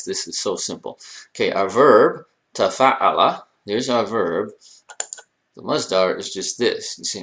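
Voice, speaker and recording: Male instructor, lowish voice, playful lecturing, addresses the class, bursts of rising emphasis. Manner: jokey, addresses students directly, animated emphasis. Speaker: Arabic language instructor.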